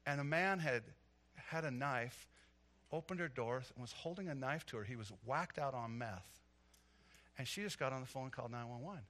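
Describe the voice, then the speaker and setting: A middle-aged man preaching a sermon, telling stories with animated energy that swells into loud, emphatic preaching. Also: medium pitch, moderate pace. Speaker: pastor.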